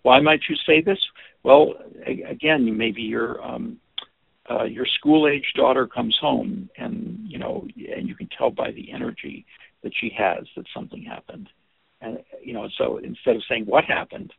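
Gravelly man teaching over a tinny line. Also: medium pitch, lively intonation, normal speed, dry recording. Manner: gentle, hesitant, many restarts and fillers. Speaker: teacher of listening skills. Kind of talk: informal spoken lesson. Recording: dry, phone-like narrow sound.

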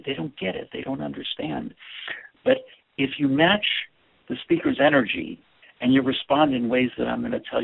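A man's voice: medium pitch, creaky, husky. A man giving an earnest instructional talk on communication, often repeating words as he stresses his points. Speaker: communication teacher. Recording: tinny phone-like audio.

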